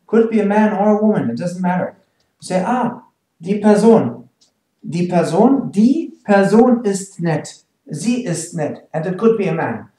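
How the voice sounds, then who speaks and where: A man teaching German in a slow, patient way, repeating example sentences and chuckling now and then at the grammar. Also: sits high, mellow, echoey room. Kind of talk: language lesson explanation.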